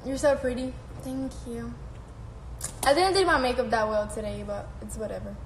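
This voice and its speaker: In an echoey room with a little background noise, a teen girl live-streams, casually reading comments from fans and replying, often laughing and cursing freely. Her voice is a little high and moves at a normal speed.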